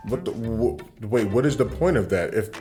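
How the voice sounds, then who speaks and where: A man's voice: fairly low pitch, lively intonation, mellow, faint music behind. A man co-hosting a casual podcast, reacting bluntly and teasing his partner as they talk over the news. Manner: blunt, teasing, quick to laugh. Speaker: podcast co-host. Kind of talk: casual political chat.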